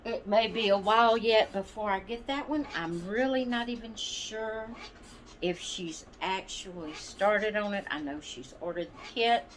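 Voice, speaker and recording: A woman's voice: medium pitch, measured pace, slight background noise. A woman hosting her doll channel, chatting casually and rambling to viewers with plenty of ums and asides. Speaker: doll channel vlog host.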